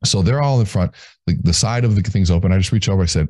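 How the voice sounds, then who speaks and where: Man, very low pitch, mellow dark tone, measured storytelling, interview guest. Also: dry recording.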